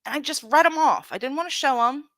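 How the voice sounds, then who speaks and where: Streamer woman, blunt, profane rant, bright sharp tone, dry close sound. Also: sits high, fast talker, no echo. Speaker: livestream host. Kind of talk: heated livestream rant.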